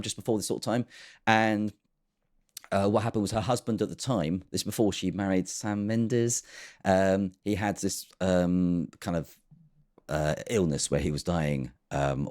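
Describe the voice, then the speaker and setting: A man's voice: low voice, a little mellow. A man hosting a comedy show, rambling through sarcastic commentary with lots of fillers and restarts. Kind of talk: casual comic commentary.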